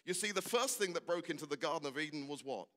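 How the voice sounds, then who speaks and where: A man's voice: on the high side, lively intonation, fast, sharp tone. A man preaching a sermon, building with rhetorical questions and repeated refrains. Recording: long hall reverb.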